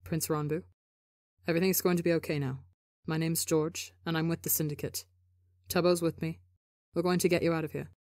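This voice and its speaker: A woman voicing a calm young man who speaks in a soft, even tone. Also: low-pitched, normal speed, hardly any pauses, dry recording, clean studio sound, natural voice. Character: calm, steady young man, a careful rescuer.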